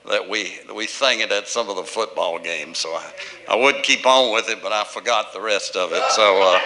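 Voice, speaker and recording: A man's voice: lowish voice, sharp tone. An older man with a Texan accent, a guest pastor opening his sermon in a folksy, self-deprecating way. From Texas. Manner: folksy, self-deprecating, chanting a state song. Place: church sanctuary. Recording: long church-hall reverb, faint noise.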